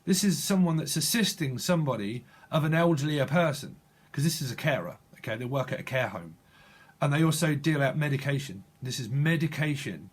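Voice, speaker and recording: A man giving a channeled psychic tarot reading, halting and restarting often as he speaks to the viewer. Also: on the high side, lively intonation, breathy edge. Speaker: tarot reader.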